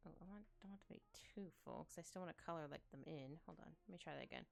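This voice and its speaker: Faint music plays as a woman streamer draws live and chats casually, humming and thinking out loud. Her voice is low and creaky, and she speaks fast.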